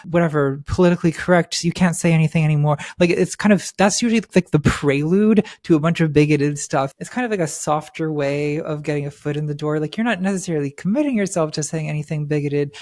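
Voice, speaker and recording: A man with a slightly high voice talks through a casual podcast in a sardonic, rambling way. He fills his sentences with "like" and quick asides while he works through an argument. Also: a little mellow. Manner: sardonic, filler-heavy talk with many "like"s.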